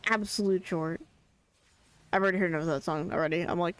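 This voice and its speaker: While playing, a streamer gives excitable, casual commentary, chattering along and repeating a favourite name over and over. The voice is mid-range, quick and clean.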